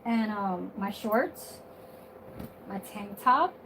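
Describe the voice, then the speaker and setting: A woman's voice: mid-range voice, lively intonation, drawn-out words, noisy background. A woman vlogger chatting casually to her viewers from her bedroom, sassy and blunt, swearing freely and laughing often.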